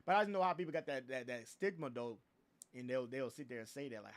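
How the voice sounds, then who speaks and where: A man's voice: medium pitch, quick pace. A young man hosting a livestream, ranting in a casual, profane way with laughs and repeated filler phrases. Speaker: livestream host.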